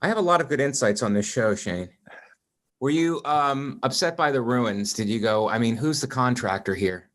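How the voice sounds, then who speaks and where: A man with a mid-pitched voice hosts a podcast, needling his guest with dry, deadpan questions. His delivery stays casual and playful. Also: normal speed. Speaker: podcast host. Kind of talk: casual chat.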